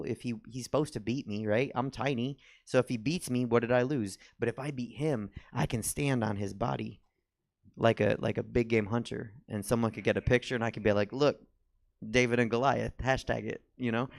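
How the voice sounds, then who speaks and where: A man's voice: mid-range voice, vocal fry. A man doing stand-up comedy, telling a rambling, self-mocking story on a comedy theater stage and acting out the quotes.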